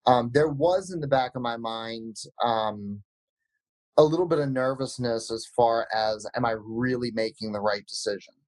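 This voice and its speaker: Male guest musician, measured and reflective, dry recording. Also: mid-range voice, no echo, low-quality recording. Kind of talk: casual interview answers.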